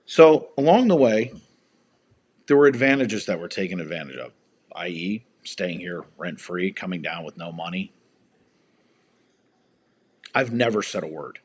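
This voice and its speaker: A man's voice: low voice, lively intonation, a little slow, pauses often. A man hosting a live stream from home, ranting angrily and swearing with heated emphasis. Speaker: livestream host. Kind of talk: angry livestream rant.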